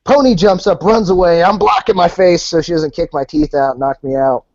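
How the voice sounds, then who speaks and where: A man telling wild stories on a podcast, animated and swearing freely. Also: on the high side, normal speed, no echo. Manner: animated, swears, acts out voices in anecdotes. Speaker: podcast guest. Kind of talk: casual storytelling. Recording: dull lo-fi podcast audio.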